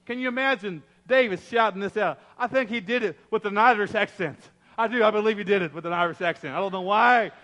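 A pastor preaching a sermon, telling the story in an emphatic, dramatic way with lots of repetition. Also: male voice, sits high, quick pace, hardly any pauses, pushed and bright. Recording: echoey hall.

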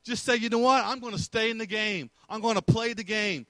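Man doing bright, taunting God voice, mocking and sure of victory. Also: high-pitched, fairly quick, no echo, pitched above the performer's own voice. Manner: taunting, emphatic, slangy. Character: confident male God mocking the enemy, laughing.

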